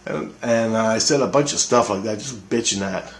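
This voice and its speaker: A man with a fairly low voice recounts a personal experience in a casual monologue, speaking at a moderate pace. He's intense, swears, and repeats himself, and the recording sounds roomy.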